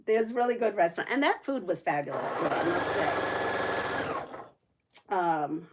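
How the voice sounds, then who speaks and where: A middle-aged woman hosting a livestream, telling a story in casual chat, laughing often and animated. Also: on the low side, measured pace, very noisy. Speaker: livestream host.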